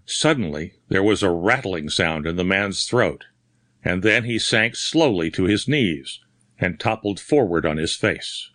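A man reads a horror story aloud in a steady, measured way. His voice sits on the low side. The recording is dry and close, with no room sound. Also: no room sound. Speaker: narrator. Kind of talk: audiobook reading of a pulp horror story.

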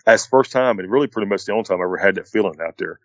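A man's voice: on the low side, racing, dry recording, muffled recording. A middle-aged man casually retelling a night encounter in a rambling way, repeating "he said" and "I said" as he goes. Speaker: storyteller.

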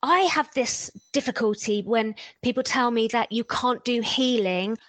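A woman's voice: fairly high pitch, a little slow, a bit bright, no room sound, low-quality recording. A woman interviewing a guest, curious and chatty. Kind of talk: interview conversation.

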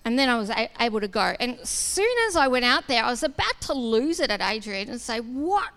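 A woman's voice: on the high side, brisk. A woman giving a sermon testimony, a casual, self-deprecating storyteller who acts out the dialogue. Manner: lively storyteller acting out dialogue. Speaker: church speaker.

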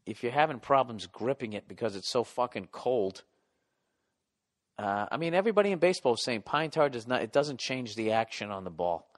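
Boston man, middle-aged, mid-pitched voice, solo podcast host, profane comic ranter who yells at times. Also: animated, a little fast. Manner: profane, ranting, yelling at times. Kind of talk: solo comedic podcast rant.

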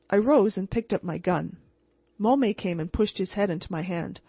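A woman reading a ghost story aloud in a steady, measured way. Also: medium pitch, husky, dry recording. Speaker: audiobook reader. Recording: slightly muffled, dry recording.

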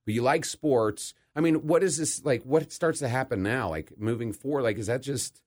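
A middle-aged man hosting a casual interview, telling stories with animated quoted voices. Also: medium pitch, moderate pace. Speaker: podcast host.

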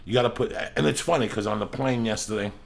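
Brief: middle-aged podcast host, low and gravelly, loose and profane. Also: male voice, fast talker. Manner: profane, rambling, bursts into yelling when acting out quotes. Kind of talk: casual storytelling chat.

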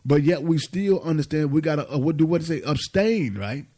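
A man's voice: a little high, a little fast, mellow. A man giving an informal, conversational sermon, asking the congregation to finish his lines. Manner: call-and-response questions, conversational. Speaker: preacher.

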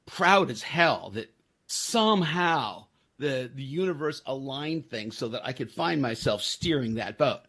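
A man's voice: medium pitch, animated, measured pace, a bit bright. A man in his sixties hosting a podcast, telling a story in a rambling, self-deprecating way, with many fillers and restarts. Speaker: podcast host. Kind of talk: casual storytelling.

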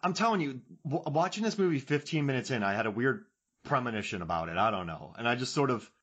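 A man with a husky, slightly breathy voice, talking casually about a movie. He rambles, restarts and corrects himself, getting animated as he goes. Grew up in Florida. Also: mid-range voice, fast talker. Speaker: podcast co-host. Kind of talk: casual film discussion.

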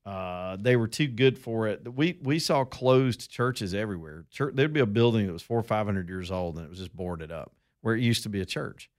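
A man's voice: fairly low pitch, lively intonation, normal speed, few pauses. A middle-aged man from Alabama with a Southern accent, hosting a talk radio show and telling a long story in a folksy, rambling way that addresses his listeners as y'all.

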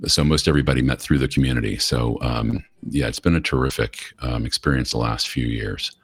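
A middle-aged American man with an extremely low, rumbling voice. He talks candidly and chattily as a podcast guest, telling stories and acting out bits of dialogue. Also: fairly even intonation, fairly quick, slightly rough. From United States. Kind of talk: casual interview storytelling.

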